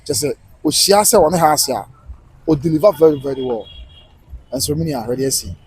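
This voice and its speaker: A Ghanaian man holds forth on a live stream, his fairly high voice a little husky. He rants in quick bursts, switching between Twi and English as he talks football. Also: expressive, no echo, low-quality recording. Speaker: livestream football commentator. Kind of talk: casual live commentary.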